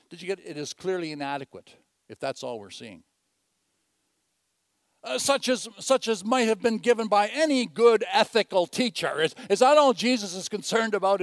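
A man preaching a sermon, earnestly swinging between loud emphatic lines and quiet, hushed asides, often repeating phrases as he teaches. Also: sits high, dry recording, studio quality. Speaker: pastor.

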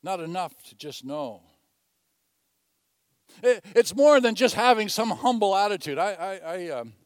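Male pastor preaching, highish voice, earnest, goes loud then quiet, dry close mic. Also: clean tone, dry recording. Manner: earnest, swings from loud emphasis to quiet asides; repeats and restarts phrases while teaching. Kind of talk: sermon.

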